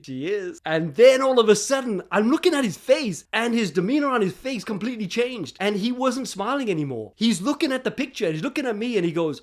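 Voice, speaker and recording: A man recounts a personal story to camera, with a fairly high voice. He acts out every exchange, jumping from hushed to loud. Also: brisk, few pauses. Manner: animated, acts out dialogue with swings in loudness. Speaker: relationship coach and vlogger.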